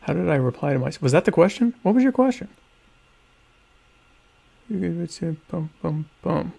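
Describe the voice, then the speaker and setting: A man's voice: a little high, brisk, creaky, darkish tone, husky. A man hosting a casual solo livestream from home, rambling sarcastically and eating dinner while he talks. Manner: sarcastic, rambling, mock-grandiose. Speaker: podcast host. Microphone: webcam stream setup.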